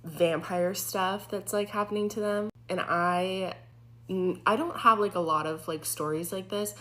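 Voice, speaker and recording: A woman's voice: mid-range voice, a little slow. A young woman, a former EMT, casually retelling a frightening experience with lots of fillers. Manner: animated, filler-heavy retelling. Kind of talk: casual storytelling.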